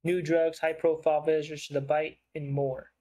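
Brief: man voicing a smooth, persuasive investigative writer; slightly high, coaxing. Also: little pitch movement, moderate pace, mellow, lightly acted, low-quality recording. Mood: probing. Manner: smooth-talking and probing.

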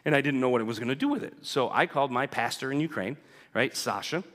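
A man's voice: mid-range voice, fast talker, a bit bright. A man telling a congregation a personal story in a chatty way, often tagging on "right?". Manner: chatty, keeps asking "right?". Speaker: guest speaker. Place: church sanctuary. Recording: long reverb in a big hall.

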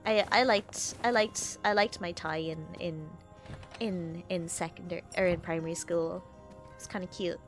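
A woman's voice: on the low side, steady tone, moderate pace, soft background music. Rambling, giggly woman streamer. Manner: rambling, giggly, sweary, with many restarts. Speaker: game streamer. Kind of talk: casual chat while streaming a game.

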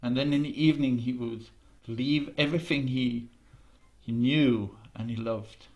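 Slow, deliberate male storyteller. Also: medium pitch, fairly even intonation, a little mellow. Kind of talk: oral storytelling.

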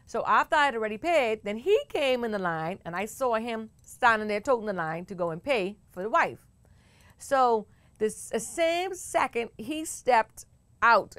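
A woman with a Bahamian accent hosting a talk show, telling a story in a chatty, animated way with bursts of laughter. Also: mid-range voice, no echo. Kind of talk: casual storytelling to camera.

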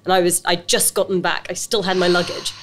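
There's a slight hiss or hum as a low-voiced British woman talks briskly through her story. An actress and business owner guesting in a casual interview, she's chatty and animated, often restarting and using fillers.

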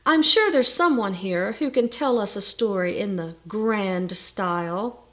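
A woman's voice: medium pitch, unhurried, a bit bright, natural voice. A woman voicing a prim, coy older noblewoman prioress who speaks in a genteel, simpering way and drops in French words.

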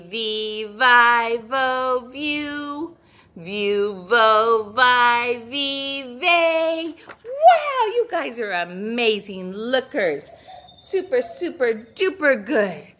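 Cheery, very slow woman teaching phonics. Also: high-pitched, sharp tone. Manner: cheery and encouraging, drawing out sounds slowly. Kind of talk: phonics lesson for young children.

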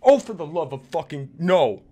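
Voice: medium pitch, big pitch swings, moderate pace, mellow. Gamer swearing and screaming through horror. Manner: constant swearing, screaming outbursts. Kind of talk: horror let's play commentary.

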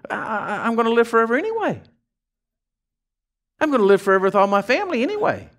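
A pastor preaching a sermon, telling folksy stories in a casual drawl and swinging from hushed asides to fired-up shouts. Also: male voice, extremely high pitch, huge pitch swings, fast, pauses often.

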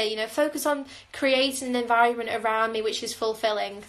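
Musing tarot-reading woman, higher voice. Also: steady tone, a little fast, hardly any pauses, a bit bright, low-quality recording. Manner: musing, intuitive, frequent "um" fillers. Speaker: tarot reader. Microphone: phone on a livestream.

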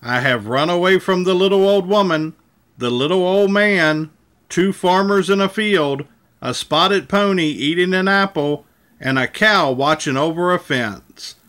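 A man's voice: on the high side, animated, normal speed, sharp tone. A man voicing a boastful, cheeky gingerbread man in a children's storybook read-aloud, taunting in a sing-song way. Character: boastful cheeky runaway gingerbread cookie boy.

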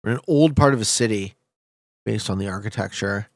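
A man streaming a geography guessing game, chatting to viewers with loud hype bursts and quiet muttering while he thinks. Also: lowish voice, fairly quick, gravelly, no echo, clean studio sound. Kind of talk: casual gameplay commentary.

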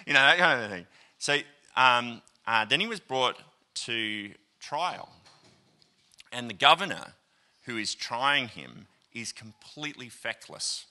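Animated Australian man preaching. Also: medium pitch, slow pace. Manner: animated, acts out quoted voices, many fillers. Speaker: pastor. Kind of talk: storytelling sermon. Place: church auditorium.

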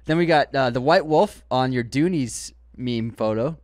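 A man's voice: mid-range voice, moderate pace, no echo, studio quality. A man with a Boston accent co-hosting a podcast, casually reading listener comments and laughing often. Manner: animated, laughs often, quotes comments in put-on voices. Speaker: podcast co-host.

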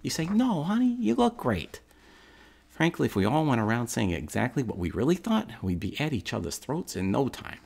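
An actor playing a gravelly Brooklyn guy. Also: mid-range voice, big pitch swings, moderate pace, a little mellow, exaggerated voice. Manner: streetwise, chatty and direct. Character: blunt, streetwise Brooklyn man. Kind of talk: theatrical monologue to the audience.

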